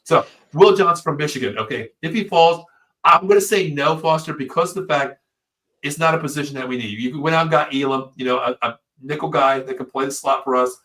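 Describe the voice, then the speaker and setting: Fast, bright-voiced man on a sports show. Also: a little high. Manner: excitable storyteller, swears freely. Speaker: podcast co-host. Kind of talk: casual sports talk show chat. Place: live stream show.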